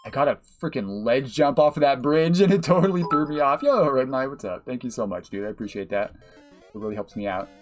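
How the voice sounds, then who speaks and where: हँसमुख पुरुष गेम स्ट्रीमर, बीच-बीच में गाली और हँसी, दर्शकों का शुक्रिया करता हुआ, पीछे धीमा गेम संगीत।. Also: male voice, medium pitch, lively intonation, fairly quick, faint music behind. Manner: chatty, swears, laughs often, thanks viewers. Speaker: streamer. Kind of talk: live gameplay commentary.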